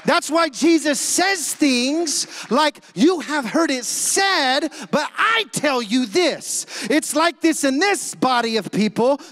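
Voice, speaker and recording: A man's voice: very high-pitched, a bit bright. A male pastor preaching a sermon with emphatic energy, calling out to his congregation in a church sanctuary. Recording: long church hall reverb.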